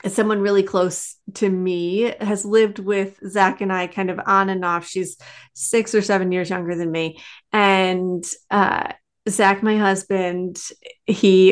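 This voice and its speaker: Woman podcast guest, casual storyteller who acts out quotes. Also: medium pitch. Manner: storytelling, animated quoting. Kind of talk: casual conversation.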